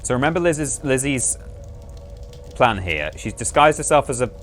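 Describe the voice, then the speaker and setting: A man's voice: mid-range voice, big pitch swings, moderate pace, fairly bright tone. A man chatting amusedly as he plays through a game on a livestream, rambling and correcting himself. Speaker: livestream host playing a game. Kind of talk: casual gameplay commentary. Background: faint game music.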